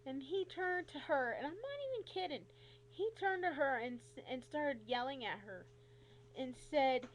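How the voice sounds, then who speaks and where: High-voiced woman telling a story. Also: moderate pace, a little hiss or hum, low-quality recording. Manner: animated, exasperated retelling with frequent asides. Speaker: vlogger. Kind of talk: casual storytelling to camera.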